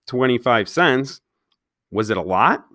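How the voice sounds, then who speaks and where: A man's voice: medium pitch, sing-song, a bit bright, dry recording, clean studio sound. A man reading a children's novel aloud, stopping now and then to ask his listeners questions. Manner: pauses to question listeners directly. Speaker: read-aloud storyteller.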